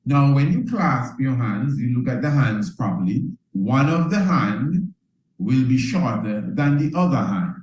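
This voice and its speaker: A man teaching in a preacherly way, leading his listeners through an exercise and circling back to his point again and again. His voice sits at an ordinary middle pitch. The recording has a noticeable roomy echo. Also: animated, unhurried, darkish tone. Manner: preacherly, repeats phrases and asks "you understand?". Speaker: priest teaching a self-improvement course. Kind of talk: motivational teaching talk.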